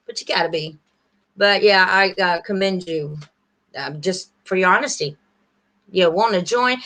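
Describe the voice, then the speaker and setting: A woman hosting a livestream, rambling warmly and earnestly straight to her viewers in casual chat. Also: mid-range voice, lively intonation, normal speed. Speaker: livestream host.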